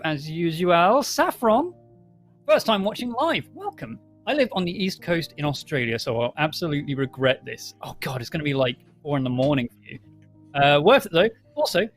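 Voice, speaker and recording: A man's voice: fairly high pitch, fairly bright tone. A man hosting a live stream, chattily thanking viewers and reading out their donation messages. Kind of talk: casual stream chat.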